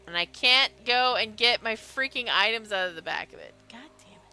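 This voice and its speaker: A woman's voice: a little high, lively intonation, normal speed, over music. A young adult woman streaming a game with playful, trash-talking casual commentary. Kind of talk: casual let's-play commentary.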